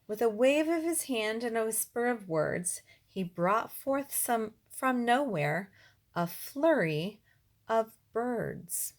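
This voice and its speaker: Lady reading a rhyming bedtime story, slow and sing-songy. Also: fairly high pitch. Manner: expressive, rhythmic rhyming delivery. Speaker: reader. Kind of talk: storybook read-aloud.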